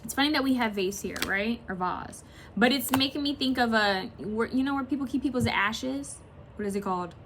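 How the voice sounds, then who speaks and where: Tarot reader, woman, slightly high voice, rambling and talkative, casual swearing. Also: fairly quick, a bit bright, slight background noise. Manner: chatty and rambling, searching aloud for words; swears and laughs casually while talking. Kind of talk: casual pick-a-picture reading.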